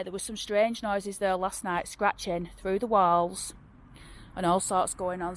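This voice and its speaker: With a fairly high, fairly bright voice and slight background noise, a woman from Northern England tells local ghost stories on location beside a road. She chats in a loose, rambling way, often restarting and using fillers.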